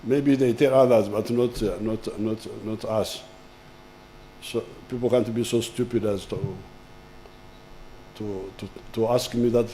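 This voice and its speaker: A man's voice: on the low side, fairly even intonation, slow, pauses often, dark tone. A man answering a question at a press conference bluntly, repeating words as he speaks. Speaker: head of state. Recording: distant mic with faint hum.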